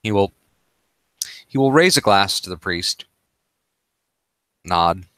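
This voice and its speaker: Slow-talking bright-voiced man at the table. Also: deep voice, lively intonation, clean tone, no room sound. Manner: slow, laid-back, swears casually. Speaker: player. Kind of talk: casual tabletop role-play.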